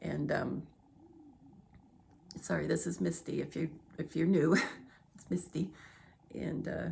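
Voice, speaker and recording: A middle-aged woman talks on and on in a loose, casual vlog monologue, drifting from one subject to the next and laughing along the way. Her voice sits fairly low, with a gravelly edge running through it. She speaks from home, chatty and unhurried in her digressions. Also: steady tone, darkish tone, a little hiss or hum. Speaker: vlogger.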